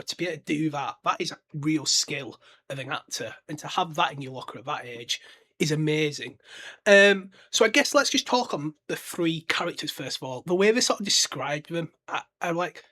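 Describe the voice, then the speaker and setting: A man's voice: fairly high pitch, pushed and bright, husky. A man hosting a casual solo podcast, talking bluntly with lots of fillers and restarts. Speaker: podcast host.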